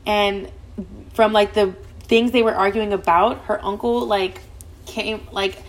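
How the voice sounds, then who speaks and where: A young woman rattles off a story at full speed on her podcast, swearing freely and dropping "like" into nearly every line. Her pitch sits right in the middle for a woman. The delivery is loose, candid and gossipy. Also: fairly even intonation. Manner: rapid, profane, gossipy, heavy use of "like". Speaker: podcast host. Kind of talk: casual storytelling.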